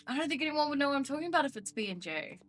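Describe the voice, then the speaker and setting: Bright-voiced chatty young woman streamer. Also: sits high, expressive, rapid-fire, faint music behind. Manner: chatty, rambling, cooing to her cat. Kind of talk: casual live-stream chat.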